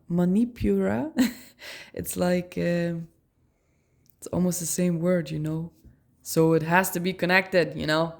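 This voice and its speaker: A woman's voice: deep voice, darkish tone. A woman giving a casual tarot reading, musing aloud in slang and laughing often. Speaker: tarot reader.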